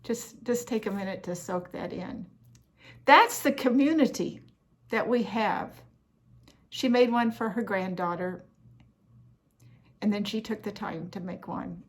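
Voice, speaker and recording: A woman's voice: medium pitch, a little slow, pauses often. A woman hosting a cross-stitch vlog, chatting in an effusive, heartfelt way about gifts she received. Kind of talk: casual chat showing happy mail.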